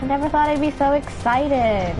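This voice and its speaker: Excitable high-voiced woman streaming a game. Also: moderate pace, poor audio. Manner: excitable, swears, laughs often. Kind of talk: live gameplay commentary. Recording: game music loud behind voice.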